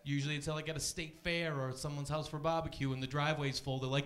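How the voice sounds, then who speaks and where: A man doing a chatty stand-up comedy set on a club stage, deadpan, often jumping into high voices for other people. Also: fast, few pauses.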